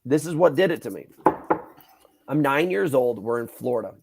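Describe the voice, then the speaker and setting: A man in his thirties hosting a podcast, telling stories in a casual, animated way, swearing freely and acting out what people said. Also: medium pitch, normal speed, vocal fry. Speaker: podcast host. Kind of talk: casual storytelling chat.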